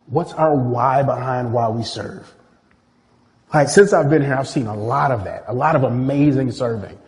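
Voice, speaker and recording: A man's voice: medium pitch, lively intonation, normal speed, darkish tone, big-room sound. A man preaching a sermon, telling stories animatedly and acting out quoted voices. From Nigeria.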